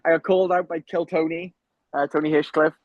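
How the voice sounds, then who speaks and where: In a casual interview, the Welsh fighter speaks fairly quickly in a slightly high voice with flat delivery, rambling through stories peppered with ums. The audio is dry and sounds like a phone.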